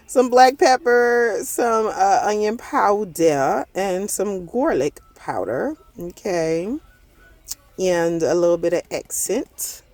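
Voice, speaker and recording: A woman's voice: medium pitch, lively intonation, slow pace, darkish tone, dry recording. Chatty woman cooking voiceover. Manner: chatty, folksy, addresses viewers as y'all. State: throat irritation, clearing throat. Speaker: cooking vlogger. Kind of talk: casual recipe voiceover. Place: parked car on a work break.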